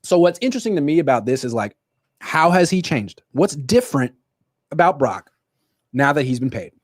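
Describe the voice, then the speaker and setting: A young man hosting a solo sports show, ranting in animated, quick bursts. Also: fairly high pitch, no room sound, studio quality. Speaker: sports podcast host. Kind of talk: solo livestream commentary.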